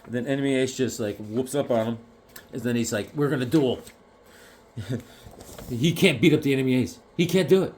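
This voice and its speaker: A man chatting casually about comic books, jokey and animated, now and then acting out the characters. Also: mid-range voice, fairly quick, a little hiss or hum. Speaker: comic collector vlogger. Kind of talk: casual chat.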